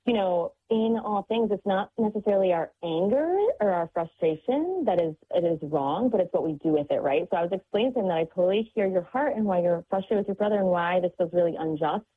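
A woman talks as a parent guest on a faith-based radio show. Her voice is somewhat low and husky. She sounds earnest and reflective. The sound comes through a tinny telephone line. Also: fast, hardly any pauses. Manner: earnest, reflective, many fillers. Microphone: phone call.

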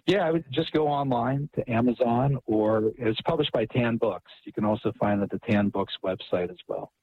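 A man's voice: medium pitch, normal speed, a little hiss or hum. Man telling a story over a tinny phone line. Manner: retells a story at length with many restarts and quoted dialogue. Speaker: author and radio guest.

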